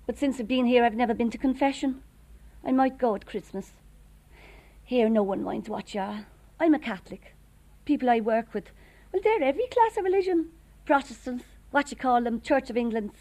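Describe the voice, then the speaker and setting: An Irish woman speaks bluntly and with spirit, her voice slightly higher than usual for a woman. She keeps a matter-of-fact tone. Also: lively intonation, normal speed, darkish tone. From Ireland. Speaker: office worker. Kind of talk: storytelling testimony.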